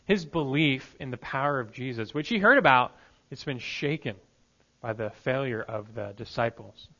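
A male pastor preaching a sermon, emphatic, moving between hushed lines and loud peaks. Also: mid-range voice, lively intonation, normal speed, lo-fi sound.

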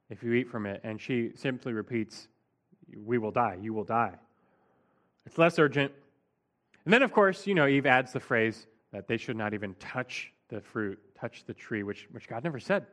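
A man's voice: medium pitch, a bit bright. Man giving a conversational Bible teaching. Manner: conversational, emphatic, with frequent "like". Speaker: preacher.

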